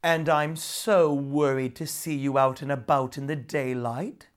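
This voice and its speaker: A woman's voice: rumbling low, fairly even intonation, unhurried. A woman doing a sugary, clever young wife. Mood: teasing. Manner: sugary and soothing. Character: sweet, clever young wife coaxing a demon.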